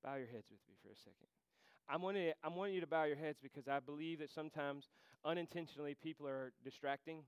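A man's voice: fairly high pitch, quick pace, clear, resonant tone, no room sound. Man preaching with fervent intensity. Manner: impassioned preaching that swings from soft to shouting. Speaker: pastor. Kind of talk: sermon.

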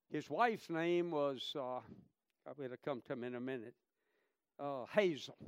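A male pastor preaches in a high, smooth and resonant voice. He swings from fervent calls to hushed, intimate storytelling. The sound is dry and close, with no room echo. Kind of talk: sermon.

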